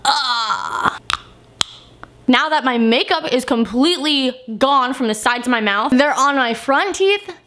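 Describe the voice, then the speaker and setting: A woman in her twenties telling a joking storytime for her vlog in an animated way. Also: high-pitched, measured pace, a little hiss or hum. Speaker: vlogger. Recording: echoey room.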